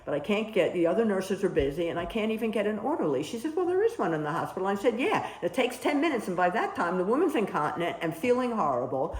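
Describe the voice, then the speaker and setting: Animated woman telling stories. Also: on the low side. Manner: animated, acts out quoted dialogue. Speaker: storyteller recalling nursing work abroad. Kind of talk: casual storytelling interview. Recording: roomy with faint ambience.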